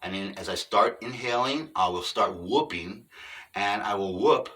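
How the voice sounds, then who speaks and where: In this casual unscripted monologue, a middle-aged man with a very deep voice earnestly explains his Sasquatch encounters to viewers, pausing often and taking things one step at a time. He's some distance from the microphone, so he sounds far off, and the tone is a bit bright.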